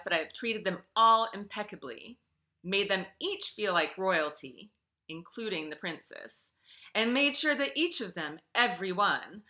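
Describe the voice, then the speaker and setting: A woman's voice: medium pitch, sharp tone. Woman voicing an indignant male revenant. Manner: exasperated, defensive.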